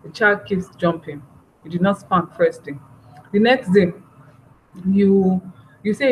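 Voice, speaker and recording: A woman leads a parenting workshop, speaking earnestly at a measured pace with long pauses and repeating her phrases. Her voice is medium in pitch, and the recording sounds dull and slightly noisy.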